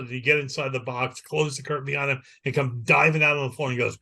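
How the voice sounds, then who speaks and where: Bright-voiced man spinning a rambling story. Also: mid-range voice, a little fast, creaky, hardly any pauses. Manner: rambling animated storyteller who acts out the people he quotes. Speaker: podcast co-host. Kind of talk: casual chat.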